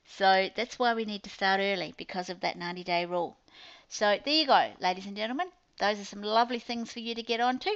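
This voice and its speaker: A woman's voice: medium pitch, a little fast, a bit bright. Kiwi lady business coach, breezy and salesy, a bit dull lo-fi audio. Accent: New Zealand. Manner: chatty, upbeat sales patter with playful asides. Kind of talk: promotional talk to clients.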